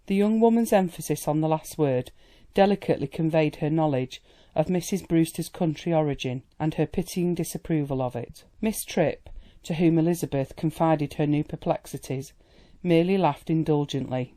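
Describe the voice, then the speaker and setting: An audiobook narrator reading a period novel in a measured, even way. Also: mid-range voice.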